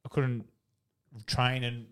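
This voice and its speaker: He speaks slowly in a monotone, with a mid-range, fairly bright, clean voice. A retired footballer in his thirties with an Australian accent, he appears as a podcast guest, laughing and swearing through candid, rambling stories.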